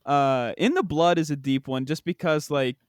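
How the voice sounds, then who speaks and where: A man's voice: a little high, normal speed, clear, resonant tone. A young man hosting a casual podcast, rambling with many fillers, saying "bro" a lot and laughing often. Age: young adult. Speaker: podcast host.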